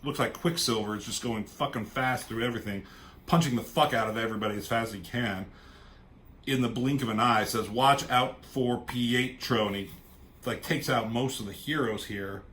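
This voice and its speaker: A man's voice: on the low side, fairly quick, a bit bright, slight background noise. A man reviewing a comic book in a loose, rambling, casual way, swearing freely and trailing off as he goes.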